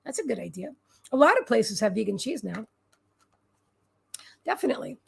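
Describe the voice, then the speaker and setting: A woman's voice: fairly high pitch, big pitch swings, normal speed, creaky, husky. A woman hosting a casual livestream from home, rambling and bubbly as she answers viewers' comments aloud. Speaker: livestream host and psychic reader.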